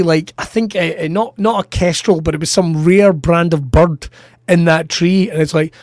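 High-voiced sweary Scottish comedian. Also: male voice, moderate pace, no room sound, clean studio sound. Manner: sweary, animated storyteller. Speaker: comedian and podcast co-host. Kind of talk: casual podcast chat, anecdotes.

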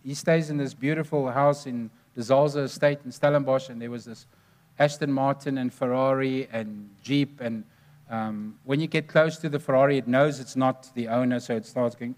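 Earnest preacher. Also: male voice, medium pitch, normal speed. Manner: earnest storytelling, stressing numbered points. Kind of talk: sermon.

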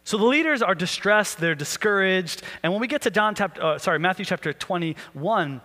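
A man preaching a sermon as pastor, telling the story in an animated way and acting out the questions people ask. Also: high voice, normal speed, in a large hall.

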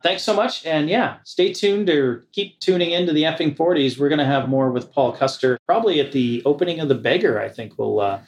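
A man with a fairly high voice hosts a podcast. He wraps up with a relaxed, friendly thank-you to his guest. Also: fairly quick, few pauses. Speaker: podcast host. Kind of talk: casual chat.

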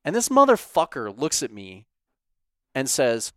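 A man recounts his day in a loose, animated storytime rant, sarcastic and heavy on the swearing. His voice is smooth and resonant. It sits at an ordinary pitch for a man, and the sound is dry and close. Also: unhurried, no echo.

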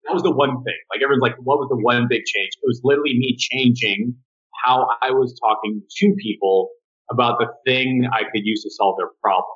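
He's a guest on a podcast, the owner of a marketing agency, talking casually and animatedly and acting out quotes in his stories. His medium-pitched voice is brisk, and the recording sounds lo-fi.

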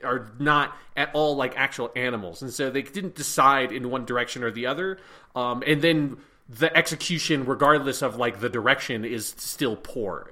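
Man, podcast co-host, casual chat, sarcastic, rambling, bright tone. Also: medium pitch. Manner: rambling, sarcastic, heavy filler words.

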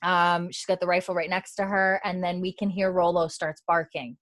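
A woman's voice: fairly low pitch, level tone, normal speed, fairly bright tone, no echo. A woman co-hosting a podcast, recapping a TV episode in a chatty way full of fillers. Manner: chatty, lots of likes, swears casually. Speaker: podcast co-host.

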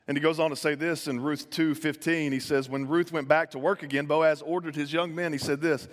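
A man's voice: on the high side, steady tone, a little fast. A man preaching a conversational sermon, telling the story playfully with modern asides and stammered restarts. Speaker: pastor. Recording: echoey hall with long reverb.

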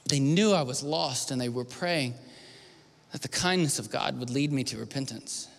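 A man preaching a sermon, telling a personal story and moving from hushed near-whispers to loud pleading. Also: medium pitch, normal speed, gravelly. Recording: long hall reverb with faint music.

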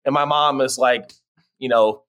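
Middle-aged male guest, casual storyteller, relaxed and chatty. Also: mid-range voice, unhurried. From Colorado. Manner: laid-back, says "man" and "dude" a lot, many fillers. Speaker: podcast guest, real estate agent.

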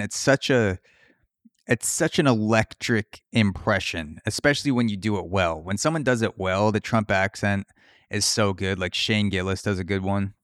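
A man's voice: lowish voice, a bit bright, no echo, studio quality. Profane man riffing solo. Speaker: podcast host. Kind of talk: comedic solo monologue.

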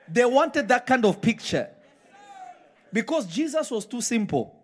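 A man's voice: sits high, big pitch swings, a little slow. A man preaching a live sermon in church, emphatic and firing repeated questions at the congregation. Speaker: pastor.

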